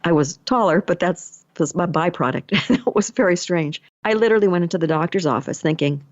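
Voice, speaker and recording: A middle-aged woman, a podcast host and energy healer, tells a personal story in a chatty way, acting out the thoughts and dialogue she quotes. Her voice is on the low side, expressive and brisk. The podcast mic sounds dry and slightly dull, with no room sound.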